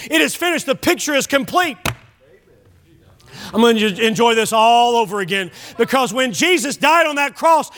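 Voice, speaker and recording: Fervent male pastor, very high and sharp voice, shouts his sermon. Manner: impassioned preaching, often shouting; addresses listeners as friend.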